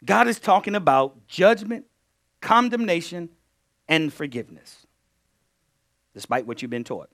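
A male pastor preaching a sermon in a call-and-response style, loud bursts one moment and low asides the next. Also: sing-song, measured pace, long pauses.

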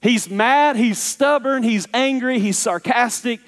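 A man preaches from the pulpit, his voice sitting high for a man and echoing through a church with a long, lingering reverb. He is emphatic, pushing hard on some lines and dropping low and intense on others. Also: measured pace. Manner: emphatic preacher, swings between loud urging and low intensity. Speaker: pastor. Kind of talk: sermon. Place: church sanctuary.

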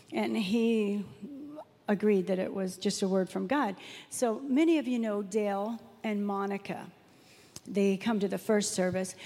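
A woman's voice: mid-range voice, darkish tone. A woman pastor preaching a sermon in a church, telling a story in a conversational way and acting out the quotes. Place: church sanctuary. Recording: long hall reverb.

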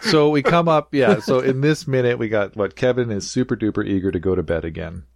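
A man's voice: mid-range voice, a little fast, vocal fry, dry recording, studio quality. A man hosting a casual film-discussion podcast, talking with enthusiasm, laughing often and acting out quoted lines. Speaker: podcast host.

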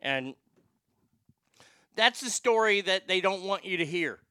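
A man delivers a sarcastic, profane comedic rant as a talk show host. His voice sits high and bright with a crisp, smooth tone. The sound is dry and close, with no room around it. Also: animated, measured pace, no room sound. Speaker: podcast host. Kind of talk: ranting comedic commentary.

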